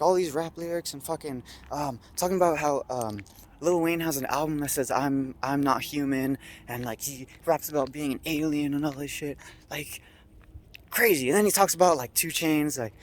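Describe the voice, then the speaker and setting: Young man rambling while high. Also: moderate pace. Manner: rambling, heavy swearing and filler words. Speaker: vlogger. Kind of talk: rambling storytelling vlog. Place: outdoors on a town street at night.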